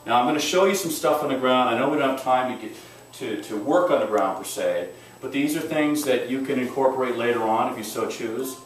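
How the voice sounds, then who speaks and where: A man's voice: mid-range voice, brisk. Intense male self-defense instructor, echoey room. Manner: intense, emphatic, direct. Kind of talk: teaching a class. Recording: echoey room, mic far off, faint noise.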